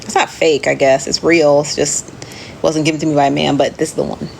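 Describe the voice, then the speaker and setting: An adult woman with a deep voice, darkish tone and vocal fry talks a little fast with little pitch movement, against slight background noise. She hosts a casual live chat, reading viewer comments aloud and answering with chatty, profane, laughing asides. She laughs often and addresses viewers directly as "friend."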